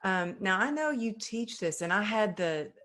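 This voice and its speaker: A woman's voice: mid-range voice, lively intonation, normal speed, a bit bright. A woman hosting a podcast interview, talking in an effusive, emotional and casual way. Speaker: podcast host.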